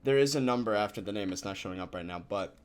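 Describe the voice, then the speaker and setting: A man's voice: on the low side, quick pace, noisy background. A young man hosting a voice chat, talking casually with frequent laughs and loose restarts.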